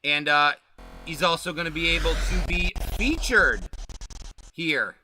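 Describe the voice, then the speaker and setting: Hosting a laid-back livestream, this man speaks unhurriedly in a slightly high voice over a noisy background. His talk is loose, full of slang and cursing, with words stretched out for emphasis.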